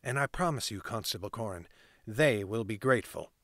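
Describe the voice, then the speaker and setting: A man's voice: lowish voice, animated, fairly bright tone, dry recording, studio quality. A man voicing a guarded young woman traveler who answers in careful, earnest words. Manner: careful, earnest, measured replies.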